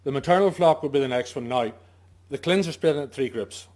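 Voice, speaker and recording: A man's voice: mid-range voice, fairly quick, a little mellow. Farmer guy talking to a room of farmers from a stage, punchy, throws out questions then answers them, cracks a joke now and then. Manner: emphatic, asks himself questions and answers them; jokey asides. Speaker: sheep farmer giving a presentation. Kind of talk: informal talk to a farming audience.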